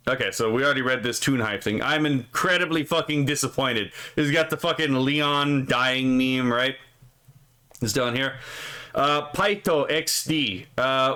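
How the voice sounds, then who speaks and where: A man's voice: mid-range voice, bright, forceful tone, smooth. Sarcastic, profane male streamer. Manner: sarcastic, profane, mocking asides; frequent filler "right?". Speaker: streamer reading posts. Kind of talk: casual live stream commentary.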